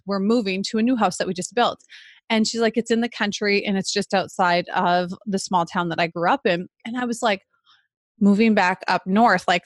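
A woman, co-hosting a podcast and telling a story in animated, casual chat full of "like" fillers. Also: mid-range voice, no room sound. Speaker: podcast co-host.

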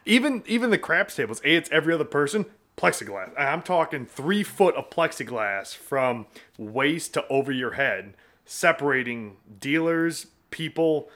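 A man's voice: on the high side, sing-song, normal speed, a bit bright. Laid-back rambling man. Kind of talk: casual chat.

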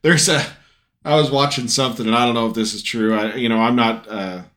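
This middle-aged father co-hosts a laid-back podcast with his son, rambling along with plenty of fillers and restarts. His voice sits at medium pitch, a bit bright, with fairly even intonation and a fairly quick pace.

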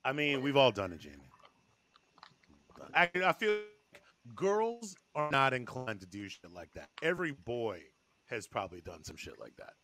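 A man's voice: medium pitch, sing-song, normal speed, sharp tone, a little hiss or hum. A man co-hosting a casual podcast chat, rambling, laughing often and swearing freely. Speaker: podcast co-host.

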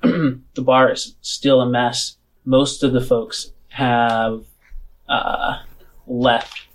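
Relaxed man narrating a tabletop game. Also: medium pitch, very slow, poor audio. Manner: relaxed, descriptive, with filler words. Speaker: game master.

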